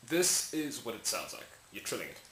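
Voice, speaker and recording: With big swings in pitch around a mid-range voice, a man speaks briskly in a pushed, bright tone. He's a language tutorial creator casually walking through speech sounds, voicing each one, wandering off-topic, and correcting himself. The room is echoey, with faint hiss.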